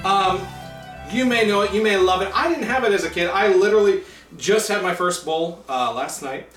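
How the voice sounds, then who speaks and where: A man's voice: high-pitched, normal speed, fairly bright tone. A man hosting a casual cooking show, upbeat and chatty with a self-mocking humor. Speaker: host. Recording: roomy echo, distant mic, music behind.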